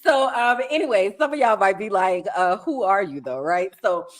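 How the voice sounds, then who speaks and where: A woman co-hosting a casual podcast, talking in an animated, playful way and stretching words for emphasis. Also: medium pitch, normal speed. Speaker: podcast co-host.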